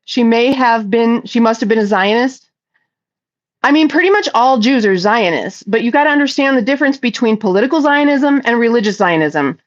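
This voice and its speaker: A woman with a fairly high voice chats casually on a livestream, reading out viewer comments and firing back bluntly, with plenty of swearing. Her voice comes through a slightly muffled, lo-fi recording. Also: animated, brisk. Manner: blunt, profane and talkative.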